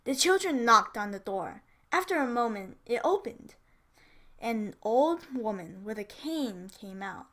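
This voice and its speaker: A woman teacher reading a children's story aloud slowly and clearly for English learners, with small asides. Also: a little high, very animated, a bit bright.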